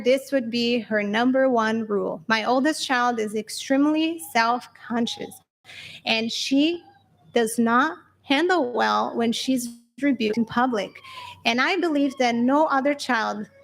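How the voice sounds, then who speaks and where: A woman's voice: high-pitched, fairly bright tone, slight background noise. A woman giving an earnest church talk on parenting, explaining with examples and rhetorical questions and acting out talks with her children.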